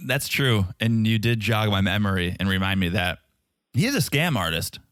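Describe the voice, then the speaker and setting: A man's voice: on the low side, lively intonation, normal speed, fairly bright tone, no room sound, clean studio sound. A man co-hosting a podcast, chatting casually and joking while recapping a reality show. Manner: joking, playful impressions of the cast. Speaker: podcast co-host.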